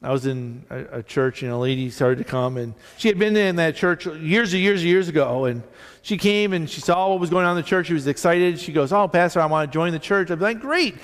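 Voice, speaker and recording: A male pastor preaching a sermon, animated as he tells stories and acts out both sides of conversations. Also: a little high, a little fast, in a large hall. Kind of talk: sermon with storytelling.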